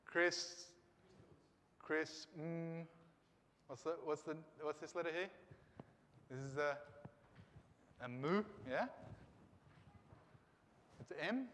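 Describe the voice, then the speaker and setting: A man's voice: a little high, slow pace, pauses often, fairly bright tone, in a large hall, a little hiss or hum. A man teaching a class to read Greek letters, coaxing students with questions and encouragement.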